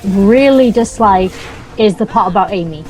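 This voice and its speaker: A woman's voice: medium pitch, moderate pace, darkish tone, soft background music. A woman co-hosting a let's-play, making dry, blunt remarks on the game. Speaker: co-host. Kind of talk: casual let's-play chat.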